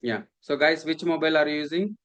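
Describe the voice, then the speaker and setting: A man's voice: on the high side, fast, fairly bright tone. Man teaching a class. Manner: repetitive, checks understanding often. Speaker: instructor. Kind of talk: classroom lecture.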